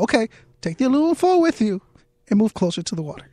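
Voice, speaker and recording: Very high-voiced man ranting wryly. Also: big pitch swings, quick pace, a little mellow, dry recording. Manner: incredulous, wry ranting. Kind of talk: casual chat.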